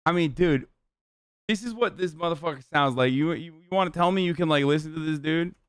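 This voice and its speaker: A man's voice: on the high side, brisk, clear, resonant tone, no room sound, clean studio sound. A man in his thirties doing casual livestream commentary, blunt and profane in an opinionated rant. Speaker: streamer reacting to videos.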